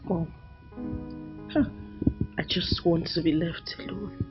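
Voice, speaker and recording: A woman's voice: fairly low pitch, fairly even intonation, takes it slowly. A woman with a Nigerian accent playing a heartbroken young princess who begs to be left alone in a film drama. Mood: weary. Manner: weary, pleading. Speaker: upset daughter. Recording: slightly dull film audio, faint music.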